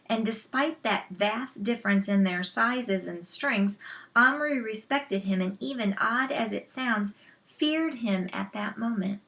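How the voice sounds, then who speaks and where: Woman storyteller, children's book read aloud, slow unhurried pace, medium pitch, soft asides. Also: creaky. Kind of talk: reading a children's novel aloud.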